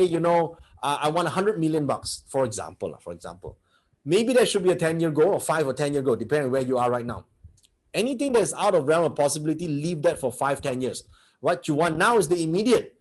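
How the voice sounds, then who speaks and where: A man teaching a motivational seminar, blunt and brash, who keeps firing rhetorical questions at his audience. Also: on the high side.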